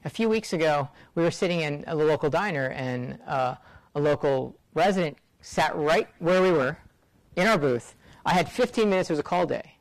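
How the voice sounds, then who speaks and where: An impassioned middle-aged man addresses a room of students, earnest and emphatic, often circling back on his words. His voice sits a little high for a man, and the sound is close and dry, with almost no room echo. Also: lively intonation, normal speed. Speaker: guest speaker, rural doctor. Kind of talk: speaking to a student audience.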